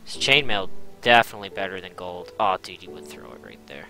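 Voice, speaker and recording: A young man hosting a casual gameplay video, excited and rambling, often tripping over his words. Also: low voice, fairly quick, creaky, soft background music. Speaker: gaming channel host. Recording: noisy home recording.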